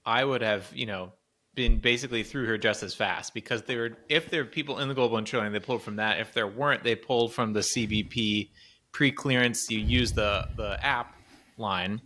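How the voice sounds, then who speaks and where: A man's voice: lowish voice, fairly quick, bright, forceful tone. A man co-hosting a podcast, telling a rambling travel story in casual chat, laughing often. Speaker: podcast co-host.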